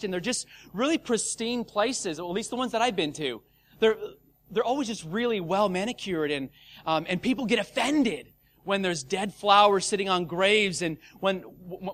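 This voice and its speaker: Male preacher, high and bright, casual and energetic, bursts into loud acted-out moments. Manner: energetic, casual, animated with shouted acted-out scenes. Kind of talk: sermon.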